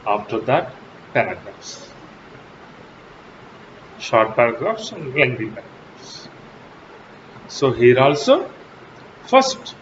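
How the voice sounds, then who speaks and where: In this recorded college lecture, a Telugu-speaking man who lectures in English delivers his material at a slow, emphatic pace. Key words get sharp pitch jumps, and the lo-fi sound is dull, with a constant hum of background noise.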